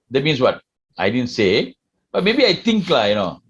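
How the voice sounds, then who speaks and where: A man's voice: mid-range voice, wildly swooping pitch, moderate pace, fairly bright tone, husky. A man with a Malaysian English accent giving a classroom lecture and often asking the class questions. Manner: asks the class questions, tags sentences with "lah".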